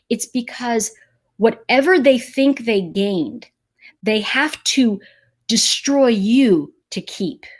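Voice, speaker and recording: A woman hosting a live stream, speaking casually and emphatically while reading viewer comments and giving spiritual, energy-focused advice. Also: a little high. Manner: animated and emphatic, acts out quoted voices.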